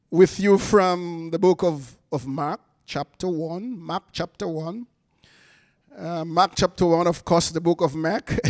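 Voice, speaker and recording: A man preaching as a guest speaker, delivering a prophetic word, reading scripture and praying in a hushed voice, with emphatic repetitions and restarts. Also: a little high, no room sound, studio quality. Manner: soft hushed prayer. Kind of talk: sermon with prophetic word and prayer.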